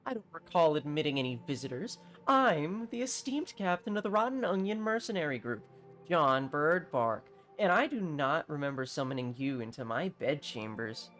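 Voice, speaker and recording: A smug, aristocratic mercenary captain, as a man puts him on while reading game dialogue aloud. He speaks in a haughty, drawn-out, theatrical way, pitched a touch high and rather slow. Faint game music plays behind him. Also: very animated, a bit bright. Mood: pompous.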